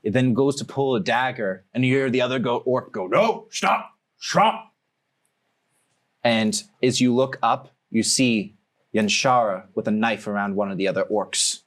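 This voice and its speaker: A man running a tabletop game as game master, narrating the scene with lively energy. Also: mid-range voice, moderate pace.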